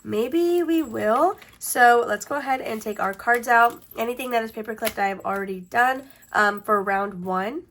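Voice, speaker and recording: A woman's voice: on the high side, fairly even intonation, normal speed, hardly any pauses, fairly bright tone, slight background noise. A woman with a congested, stuffy nose, talking casually as the host of a budgeting vlog. She speaks in a chatty way and often restarts her sentences.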